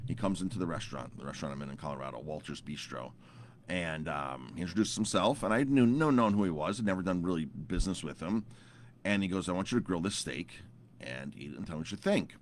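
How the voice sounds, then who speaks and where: A deep-voiced man in his thirties, a chef, tells a long story to camera in a loose, rambling way. He often stumbles over repeated words and fillers as he goes. A faint hum of room sound sits behind him. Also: animated, fast.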